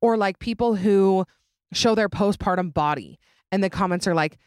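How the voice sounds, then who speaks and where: A woman's voice: mid-range voice, normal speed, smooth, no room sound, studio quality. A young adult woman hosting a podcast, chatting casually and dramatically, often laughing. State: pregnant. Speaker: podcast host. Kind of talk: casual chat.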